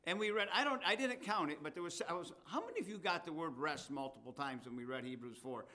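A man preaching a sermon as pastor, reading scripture slowly and turning to chatty asides with his congregation. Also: on the high side, expressive, bright, forceful tone.

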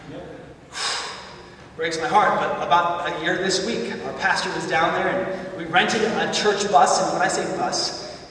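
A man preaching a sermon, telling stories with animated, emphatic peaks. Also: fairly high pitch, slight background noise. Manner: animated storytelling, rising to loud emphatic peaks. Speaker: visiting preacher. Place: church sanctuary. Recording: echoey church hall, far from mic.

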